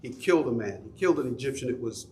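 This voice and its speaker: A man's voice: mid-range voice, lively intonation, racing, darkish tone, slight background noise. A middle-aged man teaching an adult Sunday school class in a church, talking conversationally and asking the class questions. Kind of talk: Bible study teaching.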